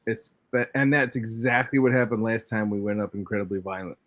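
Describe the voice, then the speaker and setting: A man's voice: fairly low pitch, level tone, fast, fairly bright tone. A man co-hosting a live trading stream, casually explaining things with plenty of fillers. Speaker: co-host.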